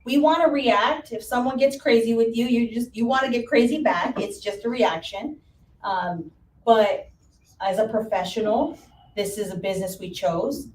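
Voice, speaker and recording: A woman real estate agent shares a story with a room full of listeners. She talks in a lively way, acts out the quotes, and laughs easily. She is heard from a distance, with echo and a faint hiss of room noise around her. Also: a little high, moderate pace. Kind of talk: panel talk, telling a story.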